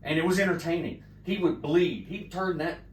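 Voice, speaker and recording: A man in his forties from the Midwest, co-hosting a chatty podcast and telling stories with lots of excitement, acting out what people said. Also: a little high, normal speed, crowd noise. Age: 40s. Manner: excited storyteller, acts out quotes. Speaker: podcast co-host. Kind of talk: casual chat. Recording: echoey room, mic at a distance.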